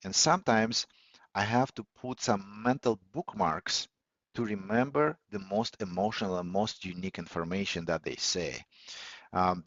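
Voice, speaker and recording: A man hosting a live online audio session, teaching in a measured way with many fillers and restarts. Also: fairly low pitch, a bit bright, no room sound. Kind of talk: teaching talk on listening skills. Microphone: computer or phone mic on a call. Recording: dull, lo-fi audio call, dry.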